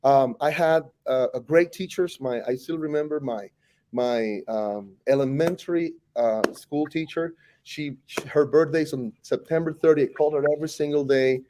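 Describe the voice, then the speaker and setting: Man, 40s, Costa Rican Spanish accent, native Spanish speaker, mellow tone, animated, jokey, casual interview. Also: on the high side, moderate pace, slight background noise. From Costa Rica. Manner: animated, joking, frequent restarts. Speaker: teacher.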